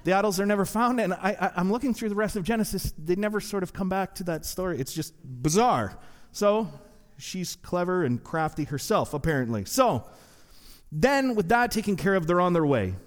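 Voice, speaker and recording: Male pastor, animated sermon storyteller, slightly high voice, big reverberant hall. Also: moderate pace. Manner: animated retelling with acted quotes and asides.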